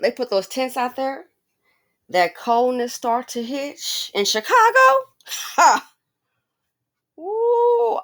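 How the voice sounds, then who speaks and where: A woman hosting a casual commentary monologue, speaking straight to her viewers with exclamations and rambling asides. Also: medium pitch. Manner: animated, talks straight to viewers. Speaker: commentary channel host.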